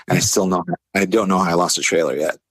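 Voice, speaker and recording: A man telling a story casually, laid-back, full of fillers, acting out quotes in a higher voice. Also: fast, no room sound. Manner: animated, acts out quotes in a higher voice. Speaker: podcast guest.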